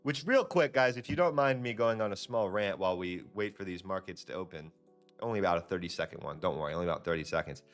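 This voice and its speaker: A young man hosting a live trading stream, chatting casually and ranting in a slangy, profane, animated way. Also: quick pace, faint music behind. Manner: animated, slangy and profane, with lively jumps in pitch. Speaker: livestream trading host. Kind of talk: casual livestream chat and rant.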